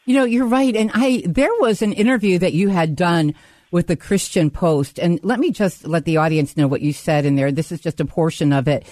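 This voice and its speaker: A woman, a radio host, interviewing a pastor in a conversational way and slowing down on the key words. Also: fairly low pitch, mellow, no room sound.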